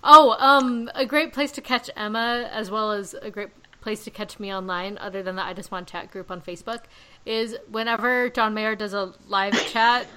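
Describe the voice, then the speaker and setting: A woman hosting a pop culture podcast, chatting casually and telling animated stories. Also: mid-range voice, normal speed, low-quality recording. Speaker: podcast host. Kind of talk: casual chat.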